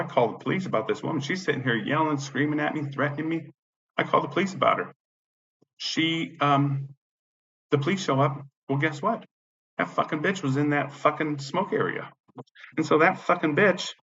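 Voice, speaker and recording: With a slightly high, somewhat bright voice, a disabled veteran casually recounts a long personal story, rambling, cursing, and often saying the same things again. The dull lo-fi recording carries faint background noise.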